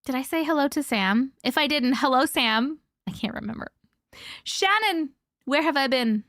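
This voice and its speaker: A female livestream host speaks at a normal speed in a high, animated voice with a fairly bright tone. The sound is studio quality with no echo as she bubbly chats, reads comments, and greets viewers by name.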